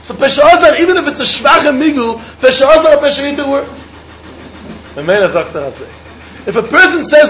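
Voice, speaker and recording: A man explains a Talmud passage in a lively, sing-song lecture. He argues back and forth with himself and laughs often as he reasons. There is a faint hum of room ambience behind him. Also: extremely high pitch, fast, muffled recording. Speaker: Talmud teacher.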